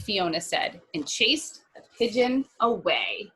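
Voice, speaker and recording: A woman reading a children's picture book aloud, with animated asides to her listeners. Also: mid-range voice, slow, husky.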